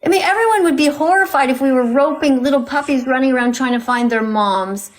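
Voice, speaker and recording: A woman's voice: high-pitched, brisk. A woman hosting a live stream, talking straight to her viewers and scolding them now and then. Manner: scolding, talks to viewers directly. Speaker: livestream host.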